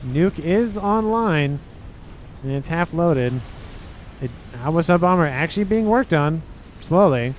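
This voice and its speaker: A man casting a real-time strategy match, excitable and talking straight to the players. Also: on the high side, slight background noise. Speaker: game caster. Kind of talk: strategy game commentary.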